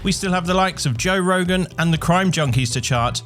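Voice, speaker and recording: Male chart host, slightly high voice, upbeat countdown read, music faint behind. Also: animated, a little fast. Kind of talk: radio chart countdown presenting.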